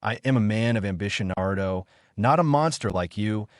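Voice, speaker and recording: A man's voice: lowish voice, animated, a little fast, dry recording, clean studio sound, lightly acted. A man voicing an arrogant, treacherous male ninja instructor who sneers and gloats, read as a fan story. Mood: gloating.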